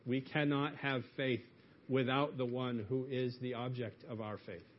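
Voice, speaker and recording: A man's voice: medium pitch, steady tone, measured pace, a little hiss or hum. A man preaching a sermon in an earnest way, lifting his voice into emphatic pleas as he quotes. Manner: earnest, rising to emphatic pleas when quoting. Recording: dull lo-fi audio.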